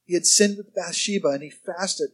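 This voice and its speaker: A man preaches a sermon in a high, bright-toned voice. He talks conversationally and with humor, often quizzing his congregation. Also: moderate pace, slightly rough. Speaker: pastor.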